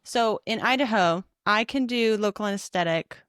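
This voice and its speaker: A lively, outspoken woman hosting a casual podcast interview. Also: medium pitch, normal speed, smooth, dry recording, clean studio sound. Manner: lively, exclamatory, ranting. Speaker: podcast host.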